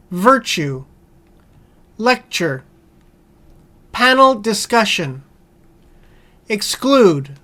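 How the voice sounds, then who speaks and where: Woman, very slow pace, measured word-by-word reading, vocabulary list. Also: mid-range voice, fairly bright tone. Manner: slow, measured, one word at a time with long pauses. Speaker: vocabulary reader.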